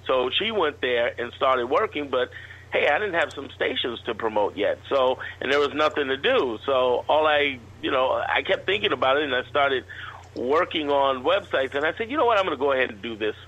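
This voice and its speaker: A man guesting on an interview show tells a long, rambling anecdote in a casual way. His voice is bright and forward, and he sits at a middle pitch. The recording sounds muffled and lo-fi. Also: animated, a little fast. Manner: rambling anecdotal telling with restarts. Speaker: guest entrepreneur.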